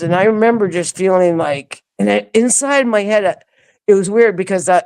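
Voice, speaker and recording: Lady telling her story in an interview, lively, does the voices, keeps laughing. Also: fairly low pitch. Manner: animated, acts out quoted voices, laughs often. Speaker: interview guest. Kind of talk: casual storytelling.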